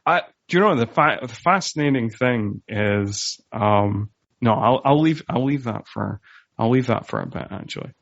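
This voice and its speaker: A man's voice: mid-range voice, normal speed, vocal fry, no room sound. A man co-hosting a casual movie podcast, rambling with many fillers and restarts. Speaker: podcast co-host. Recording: dull dry home recording.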